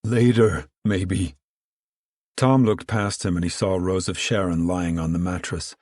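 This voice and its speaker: A man reading a novel aloud, narrating and voicing the family's dialogue in a rough rural drawl. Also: sits low, normal speed, a little mellow, no room sound, studio quality. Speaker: audiobook narrator. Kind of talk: dramatic audiobook reading with character voices.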